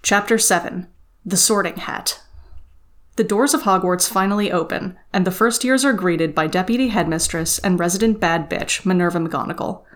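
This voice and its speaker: Woman, co-host, lower voice, reads a novel aloud, steady, expressive. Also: normal speed. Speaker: podcast co-host. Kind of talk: reading a novel aloud and summarizing it.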